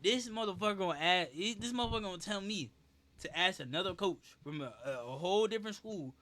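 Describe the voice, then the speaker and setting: Young male streamer, casual storyteller; bright, forceful voice, animated and profane. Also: sits high, quick pace.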